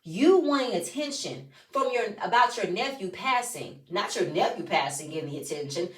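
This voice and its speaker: A woman's voice: medium pitch, animated, normal speed, few pauses. A woman giving a casual recap of a reality TV episode, blunt and profane with sassy asides. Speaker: reality TV reviewer. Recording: roomy, voice from a distance.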